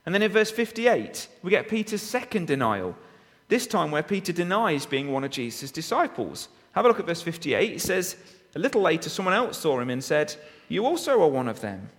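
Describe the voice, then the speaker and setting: Man preaching with lively pitch, in a hall. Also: fairly quick. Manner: expository preaching, rhetorical tag questions. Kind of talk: sermon. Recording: long reverb of a hall.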